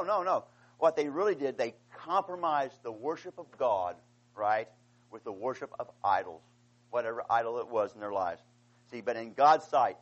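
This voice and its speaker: A man preaching a sermon with passion, swinging from quiet explanation to loud, pleading outcries and calling out "amen" to his congregation. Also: mid-range voice, dull audio. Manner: impassioned, rising to pleading outcries.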